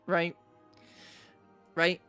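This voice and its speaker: Animated young man telling a story. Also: extremely slow, faint music behind. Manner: animated storyteller, repeats himself, says "right?" a lot. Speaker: streamer. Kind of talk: casual storytelling to chat.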